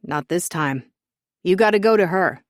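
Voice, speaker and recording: A cocky young man , as a woman reading a story puts him on, teases and bosses in a breezy, joking way. The voice stays low and everyday. It is recorded close and dry. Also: expressive, moderate pace, dry recording, natural voice. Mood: teasing. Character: cocky, teasing young man who loves attention.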